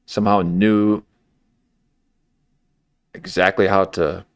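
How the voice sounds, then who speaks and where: A man riffs in a casual, joking livestream commentary, his voice sitting fairly low. He takes his time, drawling and wandering through fillers and half-finished thoughts before landing a wry remark. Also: level tone, takes it slowly, clear, resonant tone, no room sound. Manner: rambling, wry, with many fillers and restarts.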